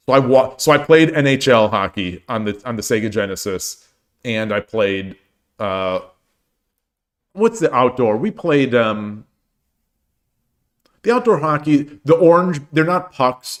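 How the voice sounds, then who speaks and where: A man's voice: mid-range voice, expressive, a little slow. Tired, rambling man streamer. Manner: rambling, with frequent restarts and self-deprecating jokes. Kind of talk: casual chat while streaming games.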